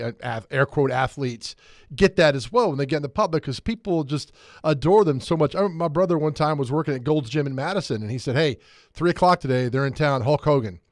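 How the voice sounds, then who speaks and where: A man hosts a sports radio show, chatting casually in the studio. His voice sits a bit high, and he tells his stories eagerly, laughing often. The studio sound is close and dry. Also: no echo. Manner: enthusiastic storyteller, laughs often. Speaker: radio host.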